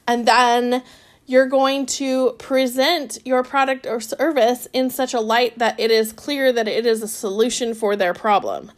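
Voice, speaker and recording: A woman's voice: on the high side, measured pace. Chatty young woman podcast host. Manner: chatty, upbeat, frequent fillers like "like" and "um". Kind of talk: casual solo podcast advice.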